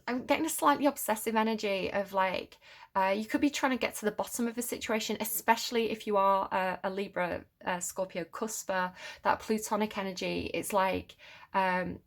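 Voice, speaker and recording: Middle-aged woman, tarot reader, casual and encouraging, thinks aloud with fillers. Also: mid-range voice.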